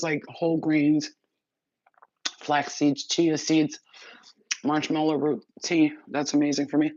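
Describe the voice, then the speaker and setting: A woman chatting casually on a livestream, rambling, swearing freely and laughing often. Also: deep voice. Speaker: livestream host. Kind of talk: casual live-stream chat. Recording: muffled lo-fi audio with loud background noise.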